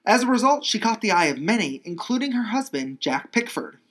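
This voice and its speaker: A woman's voice: a little high, big pitch swings, fairly quick, a bit bright. A woman co-hosting a casual chat podcast, chatty and swearing freely, reading from her notes. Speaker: podcast co-host.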